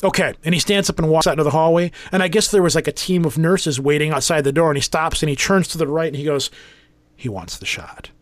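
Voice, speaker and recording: A man's voice: a little high, steady tone, quick pace, few pauses, no room sound. A man, co-hosting a podcast and telling a rambling, joking story full of acted-out quotes. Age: 40s. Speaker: podcast co-host. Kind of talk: casual storytelling chat.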